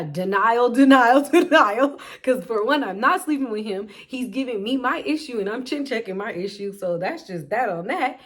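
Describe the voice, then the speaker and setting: Animated woman telling a story. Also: medium pitch. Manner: animated, petty, laughs often, acts out quotes. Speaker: storytime vlogger. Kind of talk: casual storytime chat.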